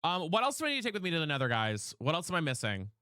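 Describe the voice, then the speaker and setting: A man's voice: fairly high pitch, wildly swooping pitch, racing, bright, forceful tone, clear, resonant tone, no room sound, studio quality. A man streaming a game live, chatting with his viewers in a sassy, dramatic way. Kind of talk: live gameplay streaming with chat.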